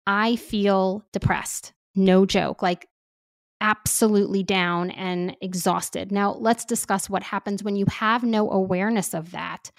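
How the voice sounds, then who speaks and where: A woman speaking as a parenting expert guest in casual podcast talk, animated and chatty with lots of fillers. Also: mid-range voice, dry recording, clean studio sound.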